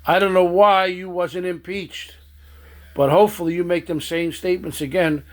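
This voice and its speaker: A man's voice: high-pitched, steady tone, normal speed. Stern man with a raised voice. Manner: stern, accusatory, addresses people directly. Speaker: political commentator. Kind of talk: stern political monologue.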